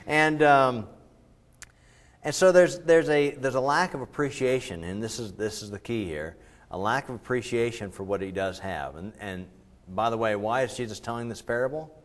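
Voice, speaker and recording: A man preaching a sermon in a church, talking with the congregation, asking them questions and swinging between loud and quiet delivery. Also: medium pitch, normal speed. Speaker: pastor.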